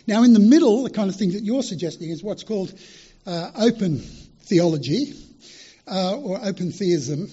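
A man with a high, husky voice addresses an audience in a Q&A, earnest and emphatic as he restarts his phrases. The recording is dull and lo-fi. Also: animated, normal speed, warm tone. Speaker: speaker answering audience questions. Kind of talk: public talk, Q&A.

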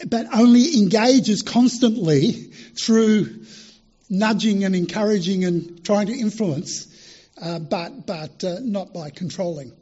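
Husky, high-voiced man giving a talk. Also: slow pace, warm tone. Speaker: speaker answering audience questions. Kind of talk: public talk, Q&A. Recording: dull lo-fi recording.

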